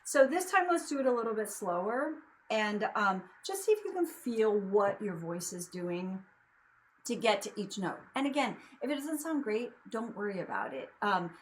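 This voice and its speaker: Woman, young adult, singing teacher, casual rambling explanations, middle pitch. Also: very animated, normal speed, slight background noise, poor audio. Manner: chatty, loose explanations with many fillers and asides. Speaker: vocal coach.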